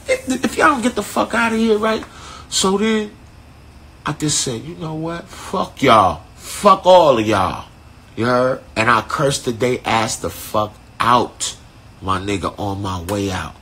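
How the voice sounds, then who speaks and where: A man telling a long story in a loose, animated way, heavy on profanity and street slang, over a phone on a live stream. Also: mid-range voice, a little hiss or hum. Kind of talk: casual storytelling.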